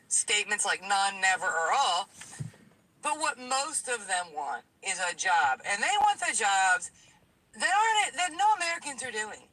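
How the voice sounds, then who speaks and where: A woman's voice: medium pitch, bright, forceful tone, poor audio. A woman in her late forties from Tennessee, calling in to a talk show and telling her story emphatically. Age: late 40s. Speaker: caller. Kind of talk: call-in show conversation.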